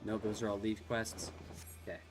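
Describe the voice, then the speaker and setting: A man's voice: fairly low pitch, monotone, moderate pace, over music. A man streaming a game, chatting casually and thinking aloud as he plays. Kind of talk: casual gameplay commentary.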